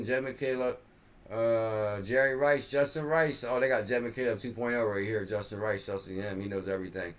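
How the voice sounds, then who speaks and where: A man's voice: mid-range voice, a little hiss or hum. Rambling male crypto live streamer. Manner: rambling, thinks aloud, trails off and corrects himself. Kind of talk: casual live stream commentary.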